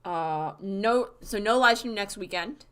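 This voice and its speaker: A woman's voice: medium pitch, measured pace, fairly bright tone, smooth. A tired woman chatting on a late-night livestream, rambling with crude slang. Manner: rambling, many fillers and restarts, crude slang. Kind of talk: casual livestream chat.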